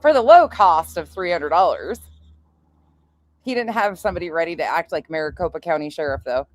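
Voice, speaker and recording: A woman's voice: fairly low pitch, lively intonation, brisk. A woman hosting a casual livestream, brash and sarcastic, swearing often and laughing at her own stories. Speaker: streamer host. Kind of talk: casual profane livestream chat.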